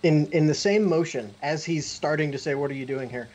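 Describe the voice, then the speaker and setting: A man playing a tabletop game, describing his character's actions in a halting way, repeating words. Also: on the high side, a little mellow. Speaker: player.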